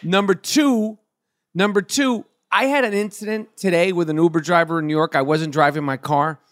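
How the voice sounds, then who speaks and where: A man in his fifties hosting a podcast, ranting loudly with lots of swearing in casual chat. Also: high voice, moderate pace. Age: 50s. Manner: loud, profane and ranting. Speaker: podcast host.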